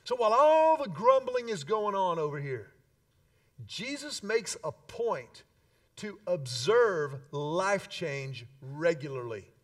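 Emphatic high-voiced preacher, heard from afar. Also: male voice, very animated, slow, far from the mic. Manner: emphatic preaching with playful asides. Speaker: pastor. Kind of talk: sermon.

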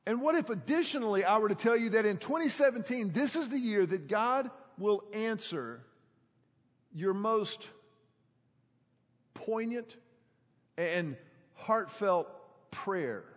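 A middle-aged man, preaching a sermon as a pastor, telling a story emphatically and stretching key words slowly for drama. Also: high-pitched, lively intonation. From Houston, Texas. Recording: echoey hall, dull sound.

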